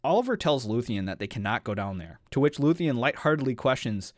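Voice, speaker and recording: Male podcast host, lively storyteller, dry close sound. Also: mid-range voice, fairly quick, no echo. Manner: animated storyteller, frequent "like" fillers. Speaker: podcast co-host recapping a book. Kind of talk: casual chat and reading book passages aloud.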